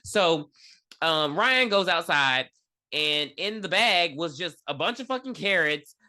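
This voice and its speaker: A man's voice: fairly high pitch, lively intonation, unhurried, pushed and bright. A man co-hosting a podcast, recapping a movie plot with sarcastic, profane commentary. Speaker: podcast co-host. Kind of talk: casual movie review chat.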